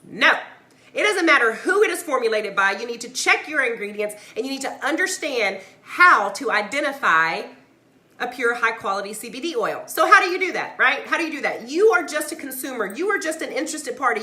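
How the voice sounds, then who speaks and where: A woman's voice: high voice, big pitch swings, a little fast, pushed and bright. A woman ranting emphatically on a live stream, addressing viewers as y'all and checking in with "right?" and "okay?". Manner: fired-up, emphatic, keeps asking "right?" and "okay?". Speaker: mother; CBD oil seller vlogger. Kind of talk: live-stream rant to viewers, reading comments. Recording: echoey room.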